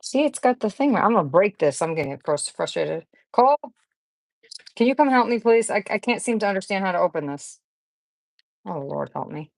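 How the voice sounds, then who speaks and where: With no room sound around her, a craft channel host talks in a creaky, darkish, mid-range voice at a moderate, animated pace. Sorting supplies during a casual live chat, she rambles, laughs a lot, and greets viewers by name.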